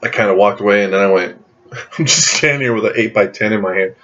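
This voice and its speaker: A man's voice: fast talker, a bit bright. A man casually telling a long personal story to his camera, rambling with restarts and laughing often, in a dull lo-fi recording. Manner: jumps high in pitch when acting out his own surprise.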